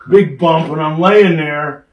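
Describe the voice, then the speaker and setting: An older man, a former pro wrestler, telling lively stories in an interview and acting out the people in them. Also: a little high, slow, distant mic, muffled recording. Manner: animated, acts out the people in his stories. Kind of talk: lively anecdotal storytelling. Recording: roomy echo, speaker off-mic.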